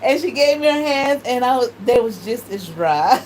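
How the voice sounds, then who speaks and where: A woman's voice: on the high side, animated, measured pace, darkish tone, slight background noise, low-quality recording. Laughing, profane storyteller woman. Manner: profane, laughs often, quotes others in voices. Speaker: tarot reader and channel host. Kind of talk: casual storytelling monologue.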